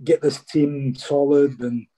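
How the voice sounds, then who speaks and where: A man's voice: mid-range voice, fairly even intonation, takes it slowly, mellow. A Scottish former footballer, a man, chatting casually in an interview and telling rambling stories, often saying "mate". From Scotland.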